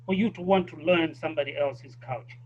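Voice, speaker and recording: A man's voice: on the high side, fairly quick, muffled recording, a little hiss or hum. A man with a South African accent, a guest in a conversation, speaking in a thoughtful and emphatic way. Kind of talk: casual conversation.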